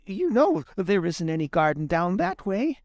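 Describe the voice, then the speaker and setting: A man voicing an excitable young male rabbit who pants and talks in a high, hurried rush in a storybook reading. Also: dry recording, full character voice. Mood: earnest.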